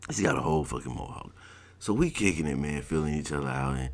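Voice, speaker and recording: Man, extremely deep voice, laid-back, slangy, casual storytelling. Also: expressive, quick pace. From South Georgia, US.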